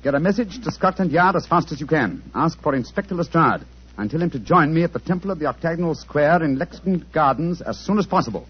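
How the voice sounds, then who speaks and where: A man playing Sherlock Holmes, a brisk, decisive detective giving orders, in a 1940s radio drama. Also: a little high, expressive, background noise, natural voice. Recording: dull 1940s radio broadcast.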